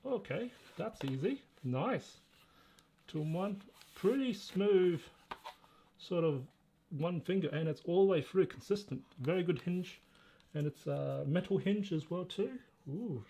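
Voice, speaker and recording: A man's voice: fairly high pitch, dark tone, slight background noise. A man hosting a live stream, unboxing a laptop and chatting through his first impressions as he thinks aloud, with frequent delighted exclamations.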